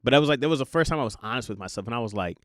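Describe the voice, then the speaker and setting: A young man hosting a podcast, talking through a casual confessional monologue in an animated, jokey way and laughing at himself. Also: medium pitch, rapid-fire, no echo, studio quality. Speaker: podcast host.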